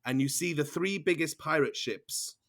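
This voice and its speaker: A man's voice: fairly high pitch, normal speed, a bit bright. A man narrating as game master, rambling with fillers and restarts. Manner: rambling, lots of fillers and restarts, laughs along.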